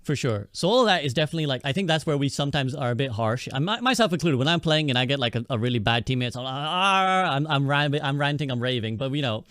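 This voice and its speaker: A podcast host talking fast about a video game, his words tumbling out quickly. His voice is smooth and clear, recorded dry with no room sound. He gives his opinions in an earnest, steady way. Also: mid-range voice, no room sound. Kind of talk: casual gaming discussion.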